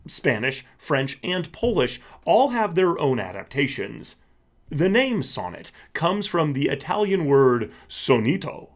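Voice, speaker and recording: A man reading a scripted educational lesson for children, with clear emphasis on each point. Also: mid-range voice. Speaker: podcast host. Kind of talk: scripted educational narration for kids.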